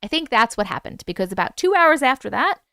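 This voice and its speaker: Bright-voiced woman telling a story. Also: fairly high pitch, quick pace, no echo, studio quality. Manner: animated, profane, acts out quoted voices. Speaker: host. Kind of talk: casual storytelling on a livestream. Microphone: wireless clip-on mic.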